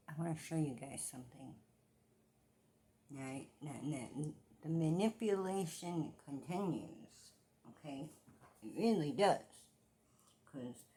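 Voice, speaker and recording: A woman in her forties ranting in a casual commentary vlog, profane and repetitive, with loud outbursts. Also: sits low, slight background noise. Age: 40s. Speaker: commentary vlogger.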